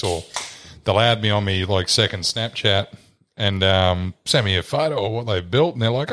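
Laid-back Australian bloke, low voice. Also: male voice, a little fast, a bit bright. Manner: laid-back, swears freely, laughs at his own stories. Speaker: podcast guest. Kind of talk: casual chat.

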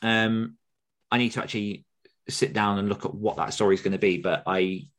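A man co-hosting a podcast, talking in a relaxed, rambling way with many fillers. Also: lowish voice, brisk. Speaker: podcast co-host. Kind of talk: casual podcast chat.

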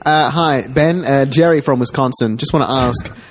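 A man's voice: medium pitch, moderate pace, natural voice. A man putting on a crude, swearing caller character in a comedy podcast bit. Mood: mocking. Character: brash male caller, crude and mocking.

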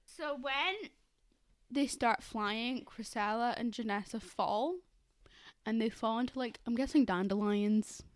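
A woman's voice: a little high, measured pace, no echo, studio quality. A young woman co-hosting a podcast, chatting casually and retelling scenes with lots of giggling. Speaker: podcast co-host. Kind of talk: casual chat.

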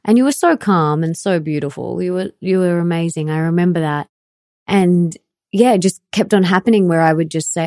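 Woman, 30s, podcast host recounting a personal story, earnest, low mellow voice, dry close sound. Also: unhurried, no echo. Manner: earnest, emotional, many fillers like "like".

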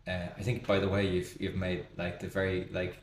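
Man, podcast host, very deep voice, rambling, roomy pub sound. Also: completely flat delivery, a little fast. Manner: rambling, loses his train of thought. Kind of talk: casual podcast interview. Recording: roomy pub with faint ambience.

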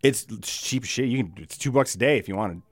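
A man chatting on a podcast with a lively, swooping delivery and a dry, close sound. He rambles freely, swears often and laughs at his own stories. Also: mid-range voice, fast talker, dry recording. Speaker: podcast co-host. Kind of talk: casual chat.

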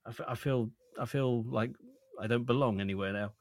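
A man's voice: medium pitch, brisk, dry recording. A man bantering and joking playfully in a casual podcast chat.

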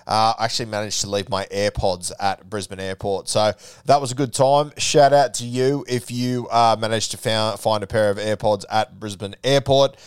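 Young Aussie bloke, casual podcast diary, smooth clear voice, dry close mic. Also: male voice, fairly low pitch, no room sound. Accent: Australian. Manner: chatty storytelling, swears casually. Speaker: podcast host.

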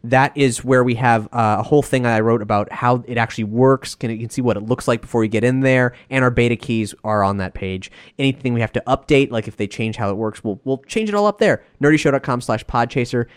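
A man's voice: medium pitch, fairly quick, hardly any pauses, smooth, no echo, clean studio sound. A man hosting a podcast in a casual chat, reading out listener comments and plugging the show's links. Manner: chatty, reads out listener reviews and plugs. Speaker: podcast host.

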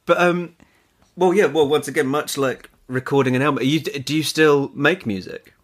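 A man's voice: fairly high pitch, normal speed. A man co-hosting a podcast, asking long, loosely strung questions full of fillers. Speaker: podcast co-host and musician. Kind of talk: casual podcast chat.

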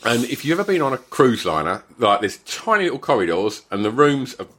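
A middle-aged man telling a story among friends with a lively, swinging voice that leaps up and down as he acts out each line. His tone is bright and a little tense, and he swears freely. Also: mid-range voice, a little fast. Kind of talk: casual storytelling chat.

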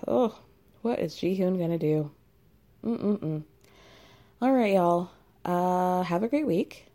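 Woman podcast host, casual recap chat, lowish mellow voice, rambling and chatty. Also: unhurried. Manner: chatty, rambling, full of "like", laughing.

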